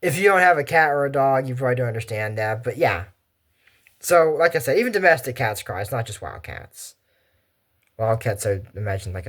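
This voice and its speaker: A young man, chatting casually and going off on tangents while recapping an anime. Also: mid-range voice. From Texas. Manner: chatty, digressive, animated asides. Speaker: anime commentary host. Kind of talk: casual rambling commentary.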